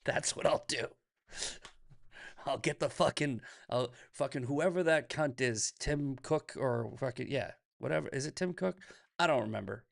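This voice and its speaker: A man's voice: mid-range voice, normal speed, gravelly. A man hosting a livestream, ranting casually and profanely, laughing often and reading viewer comments aloud. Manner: reads chat comments aloud. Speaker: livestream host.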